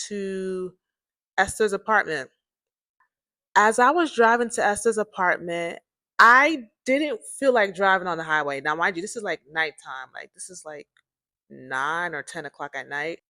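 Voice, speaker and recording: Bright-voiced woman telling her story. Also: lowish voice, dry recording, studio quality. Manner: rambling and repetitive, addresses listeners as "y'all". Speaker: host of a personal story series. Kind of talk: casual personal storytelling.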